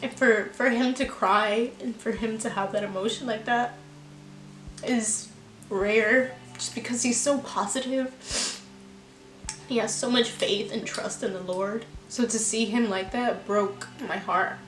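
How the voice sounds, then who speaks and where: A woman vlogger calmly recounting a hard personal experience in a candid storytime, with many "like"s and "you know"s. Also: fairly high pitch, unhurried. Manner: candid, reflective, lots of fillers. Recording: echoey room with music behind.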